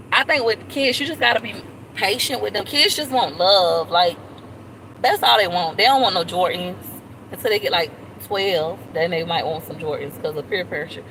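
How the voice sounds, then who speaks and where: Chatty woman with a bright voice. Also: slight background noise, low-quality recording. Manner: chatty, animated, jumps to high squeals when quoting. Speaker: vlogger. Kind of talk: casual live-stream chat.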